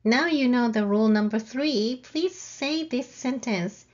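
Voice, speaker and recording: Slow, patient woman teaching a lesson. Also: a little high, dull audio. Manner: patient, measured, spells out example sentences. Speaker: Japanese language teacher. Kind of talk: slow, careful lesson explanation.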